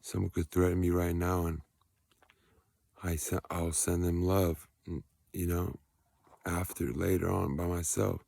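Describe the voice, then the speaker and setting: A man's low, creaky voice barely shifts in pitch as he speaks at a measured pace with long pauses, his tone darkish and the recording dry. He's a vlogger on a nighttime walk outside, rambling preachily into his phone and getting more heated and emphatic, with faint outdoor noise in the background.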